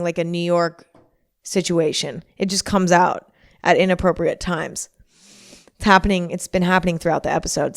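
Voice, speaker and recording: A woman's voice: fairly low pitch, clean tone. A young woman hosting a podcast alone, chatting casually and rambling, mocking herself and acting out her own inner voices. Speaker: podcast host. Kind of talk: casual solo podcast chat.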